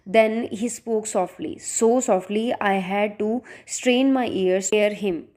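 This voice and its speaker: A woman narrating a first-person thriller audiobook in a steady, even storytelling manner. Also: medium pitch, slow, few pauses. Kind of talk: scripted narration.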